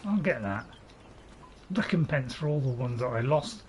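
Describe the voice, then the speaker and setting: A man's voice: mid-range voice, lively intonation, normal speed, a little mellow, a little hiss or hum. A man hosting his own channel, talking to himself through a gameplay commentary in a rambling, chatty way with frequent chuckles. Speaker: gaming channel host. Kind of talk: let's-play gameplay commentary.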